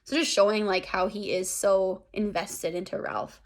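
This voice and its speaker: A woman's voice: medium pitch, steady tone, moderate pace. A woman English teacher recapping a lesson in a casual, chatty way, full of fillers and tag questions.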